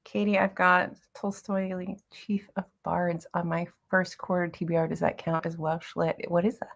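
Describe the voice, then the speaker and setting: A woman's voice: on the low side, little pitch movement, normal speed, creaky. A young American woman hosting a casual book chat, joking and laughing often. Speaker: booktuber host.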